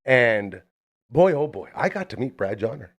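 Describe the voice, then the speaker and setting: A man's voice: mid-range voice, moderate pace, lo-fi sound. A man hosting a casual podcast chat, telling stories animatedly and acting out what people said. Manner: animated storyteller, acting out quotes. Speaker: podcast host.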